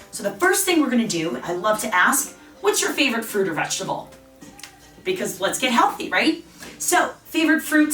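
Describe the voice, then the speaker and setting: A woman leading a guided face and jaw exercise class, giving slow, encouraging cues. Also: medium pitch, a bit bright, recorded from a distance. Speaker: fitness instructor. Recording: roomy, off-mic with faint music.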